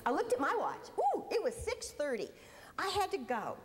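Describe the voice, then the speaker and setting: Animated high-voiced woman telling a keynote story. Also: a little fast, long reverb tail, a little hiss or hum, poor audio. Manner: animated, theatrical, swinging from loud exclamations to hushed asides. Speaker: keynote speaker. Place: conference hall before an audience.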